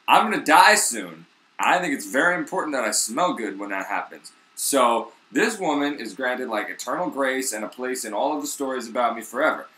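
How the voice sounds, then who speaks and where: A man's voice: medium pitch, animated, fairly quick, bright, forceful tone, reverberant, low-quality recording. A man voicing a laid-back young male Jesus who talks in casual slang and swears. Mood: smug.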